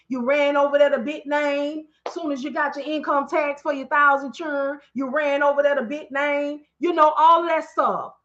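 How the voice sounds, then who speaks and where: High bright preachy woman on a stream. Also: dull audio. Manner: preachy, emphatic, call-and-response asides. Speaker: business owner speaking to followers. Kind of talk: live-stream testimony to followers.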